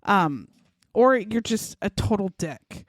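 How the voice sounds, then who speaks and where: Woman podcast co-host, lively true-crime storyteller, dry close sound. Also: mid-range voice, slow, dry recording. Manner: animated retelling, acts out quotes in shouted voices. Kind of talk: casual true-crime chat.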